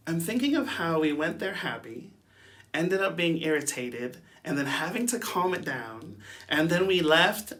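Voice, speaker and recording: A young man telling a story for a youth talk in a loose, chatty way. He sprinkles in fillers and asides and laughs easily. His voice sits a bit high and sounds bright and forward. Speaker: youth speaker. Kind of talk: casual youth sermon storytelling.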